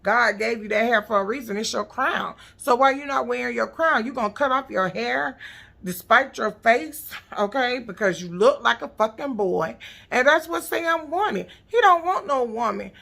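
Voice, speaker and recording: A woman recapping a reality show in a blunt, profane, animated casual rant. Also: on the high side, normal speed, gravelly.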